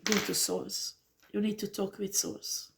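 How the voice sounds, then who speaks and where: A woman's voice: mid-range voice, flat delivery, measured pace, vocal fry, noisy background. A woman giving an earnest, pleading tarot reading to the listener, calling them honey. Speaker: tarot reader. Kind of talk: spiritual tarot reading monologue.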